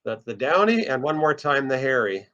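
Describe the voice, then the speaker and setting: A man's voice: mid-range voice, sing-song, moderate pace, highs cut off, noisy background. A man teaching a casual online birding lesson, explaining step by step as he plays bird recordings. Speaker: birding instructor.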